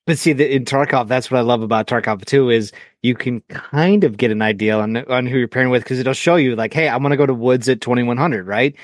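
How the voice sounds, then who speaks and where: A man with a mid-range voice tells animated stories as a podcast guest, slipping into quoted voices and cursing casually. The sound is close and dry, with no room around it. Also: mid-range voice, fairly quick, few pauses, no room sound. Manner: animated storyteller, acts out quotes, profane.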